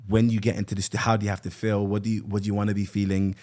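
A man's voice: on the low side, level tone, racing, darkish tone. A man with an English accent hosting a casual interview, chatty and loose, with lots of fillers and restarts. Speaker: host.

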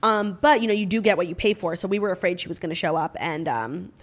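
Casting: woman podcast co-host, rapid chatty delivery, casual. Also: fairly low pitch. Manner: chatty, fast, full of "like". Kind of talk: casual chat and read ad.

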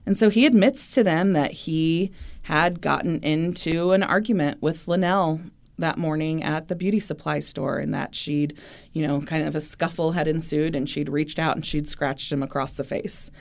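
A woman co-hosting a podcast, telling a true crime story in a casual, animated way and acting out what people said. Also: low voice, normal speed. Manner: animated retelling, acting out quotes. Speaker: podcast co-host.

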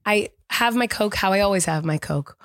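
A woman's voice: medium pitch, moderate pace, no room sound, studio quality. A woman co-hosting a podcast, telling rambling stories in casual chat. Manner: chatty, storytelling, rambling asides. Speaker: podcast co-host.

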